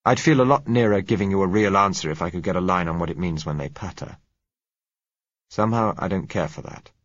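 An earnest, lecturing man presses his theory point by point, read by a man in his own low voice. The voice is husky and dry, with no room sound around it. The recording is dull and lo-fi. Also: fairly quick, fairly bright tone, no echo. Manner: argumentative, lecturing. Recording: muffled lo-fi recording.

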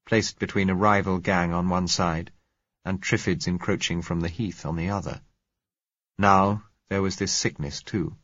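A man narrating a story in the first person, in a measured, reflective way. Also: deep voice, no echo. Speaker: audiobook narrator. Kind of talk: scripted narration. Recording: dull lo-fi recording.

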